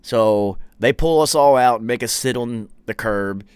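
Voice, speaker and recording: A man's voice: mid-range voice, unhurried, clear, resonant tone, dry recording. A man hosting a podcast, telling a story in a casual, profane, laid-back way and quoting the people in it. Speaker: podcast host.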